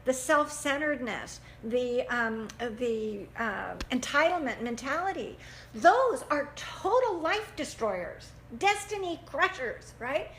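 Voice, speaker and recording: A woman gives an animated parenting talk to a class, acting out the people she quotes. Her voice sits a little higher than most women's. The room is echoey, with a faint hum of ambience behind her. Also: slow. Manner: animated, acts out quotes in voices, laughs often. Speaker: parenting teacher.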